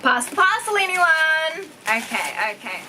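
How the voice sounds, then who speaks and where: A young woman, unboxing products in an excited, giggly vlog, exclaiming over each item. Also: high voice, unhurried, very noisy. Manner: gushing, giggly, keeps exclaiming.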